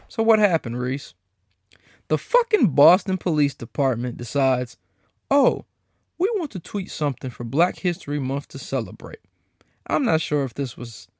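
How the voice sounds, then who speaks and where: Male podcast host, fairly high voice that swings wide, profane incredulous rant, dry close mic. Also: no room sound. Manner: profane, animated, incredulous ranting with frequent laughs.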